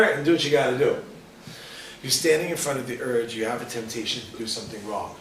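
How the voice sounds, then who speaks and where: A man's voice: mid-range voice, steady tone, fast, fairly bright tone. A male rabbi teaching a class to a live audience, joking and firing questions at the listeners. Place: lecture hall with audience. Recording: roomy, distant mic, faint ambience.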